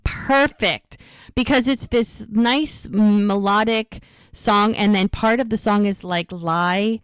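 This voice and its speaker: A woman co-host recaps a drama episode in a casual, animated way and slips into the characters' lines. Her pitch sits in an ordinary middle range. The recording is dry and close, with little room sound. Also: takes it slowly, smooth, no echo. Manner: animated retelling, acts out quoted lines.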